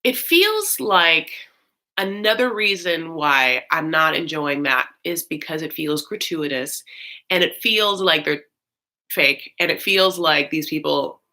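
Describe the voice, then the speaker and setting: A woman hosting a casual chat, talking loosely with many fillers and swinging between high and low. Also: animated, slow, sharp tone. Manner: chatty, swoops high and low, frequent fillers; campy, calls listeners honey. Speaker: host.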